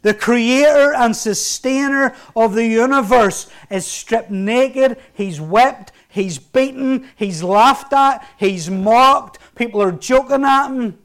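A male pastor delivers a sermon in a notably high voice. He drives his points with rising emphasis, then drops to hushed, slower phrases.

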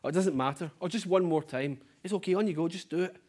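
A crafty devil of a tempter, sly and needling, pitching his taunts high and sharp, as a male preacher puts him on. He wheedles and scorns by turns in a sermon aside. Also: quick pace. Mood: coaxing. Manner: coaxing then sneering and accusing.

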